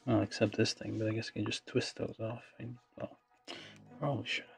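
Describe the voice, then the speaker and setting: A man's voice: lowish voice, flat delivery, fairly quick, creaky. A man casually thinking aloud with many fillers as he builds a model kit on a livestream, talking half to himself. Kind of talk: casual talk while building. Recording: music playing under the voice. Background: background music.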